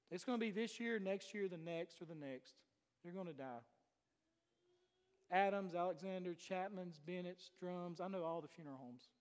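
A high-pitched man preaching to his congregation. He moves from booming statements to quiet, intimate asides and keeps asking the room questions. His voice rings with the long reverb of a big church hall. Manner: swings between loud declarations and hushed asides, with many rhetorical questions. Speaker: pastor. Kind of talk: sermon. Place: church sanctuary.

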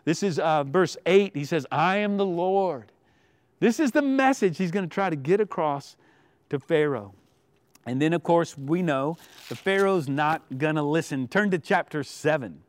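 A male pastor delivers a sermon in a high, lively voice that rises and falls. He drops to near-hushed asides, then pushes hard on his key points. The sound is dry and close. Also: moderate pace, no echo. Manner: animated preaching, shifting between hushed and emphatic.

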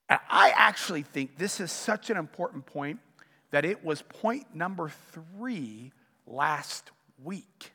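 A man with a high, bright voice delivers a sermon, telling stories with animated emphasis. His words ring out with a long reverb in a church sanctuary. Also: measured pace. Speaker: pastor.

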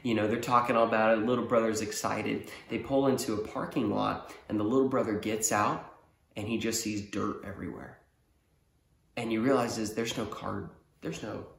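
A man preaching a sermon as pastor, telling a story with lively acted-out voices and frequent laughs. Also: on the low side, moderate pace, roomy sound, slight background noise. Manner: animated storyteller, acts out voices, laughs often.

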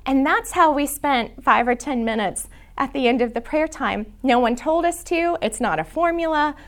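A middle-aged woman teaching a church prayer class, earnest and emotional, dropping into soft whispers when she quotes prayers. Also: sits high, animated, moderate pace.

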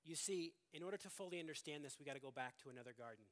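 Racing along with lively intonation, a middle-aged pastor delivers an earnest sermon. He frequently restarts phrases and shifts from loud, emphatic passages to quiet, low ones.

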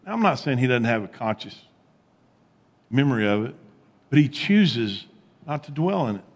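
A man preaching a sermon as pastor, animated, with rising emphatic peaks and quiet low asides. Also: moderate pace, in a large hall.

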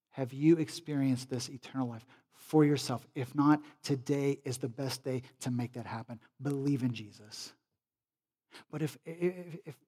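Impassioned male pastor in a reverberant hall. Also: medium pitch. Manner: swells from quiet pleading to loud impassioned appeals. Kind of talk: sermon with closing prayer. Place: church sanctuary.

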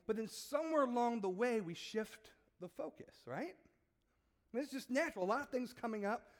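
A man preaching a sermon, telling stories and acting out the voices in them in a conversational way. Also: high voice. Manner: acts out voices in illustrations, conversational. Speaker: pastor.

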